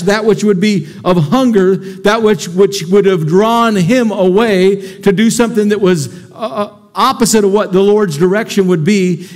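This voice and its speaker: A man with a notably high voice preaches to a congregation in a church. He talks energetically and conversationally, often tossing questions out to the people in front of him. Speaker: pastor. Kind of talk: sermon. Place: church sanctuary before a congregation.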